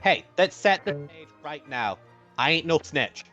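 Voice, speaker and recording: A man voicing a surly young male Kenku, the administrator's son, gruff and defiant, swearing freely. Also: fairly high pitch, expressive, a little slow, pushed and bright, muffled recording, soft background music, voice pushed up.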